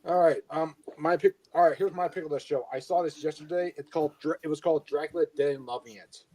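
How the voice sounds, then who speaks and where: A man's voice: fairly high pitch, fast, darkish tone. A man co-hosting a podcast in casual chat, hesitant, with fillers and restarts. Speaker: podcast co-host.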